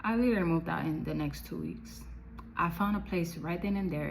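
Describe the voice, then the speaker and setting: A young woman telling a personal story to camera in a chatty, animated way, full of fillers. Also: lowish voice, brisk, gravelly, a little hiss or hum, low-quality recording. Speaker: vlogger. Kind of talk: casual storytime.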